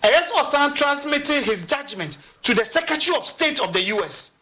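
A lawyer explaining legal process on a talk show, halting and repeating words as they go. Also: sits high, animated, sharp tone, soft background music. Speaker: lawyer guest.

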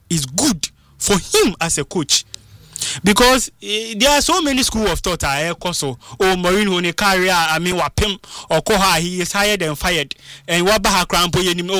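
Excitable pundit with a high, bright voice. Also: male voice, dry recording. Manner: excitable, mixes English with local phrases, acts out quotes. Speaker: football pundit. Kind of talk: animated sports talk.

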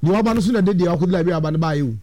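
A Ghanaian man speaks as a talk-show guest, telling his story in an animated way. He talks quickly in a slightly high voice with a dark, mellow tone. He sometimes acts out dialogue as he goes. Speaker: studio guest.

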